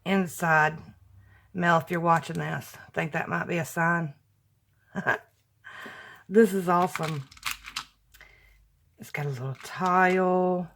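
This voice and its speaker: A woman, a crafting vlogger opening happy mail and gushing softly over each item. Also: lowish voice, fairly even intonation. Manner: gushing, slow and soft-spoken. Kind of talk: casual unboxing chat.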